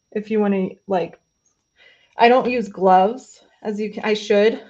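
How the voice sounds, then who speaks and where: Casting: woman, mid-pitch, relaxed live-stream host chatting while painting, slightly dull lo-fi audio. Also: measured pace. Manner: chatty, loose, many fillers, reading viewer comments.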